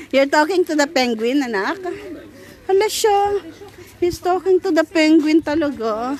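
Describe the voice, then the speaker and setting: A woman's voice: high voice, expressive, a little slow. A woman with a Filipino accent, casually chatting with her small child at the zoo in a coaxing, sing-song way. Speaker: mother filming her child. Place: outdoor zoo with crowds. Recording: crowd noise of a busy zoo.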